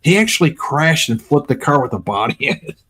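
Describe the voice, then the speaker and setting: A man's voice: fairly high pitch, expressive, a little fast, fairly bright tone, slightly rough. A man on a casual stream, telling rambling anecdotes and acting out what people said. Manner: rambling anecdotes with laughs and acted-out quotes. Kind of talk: casual storytelling chat.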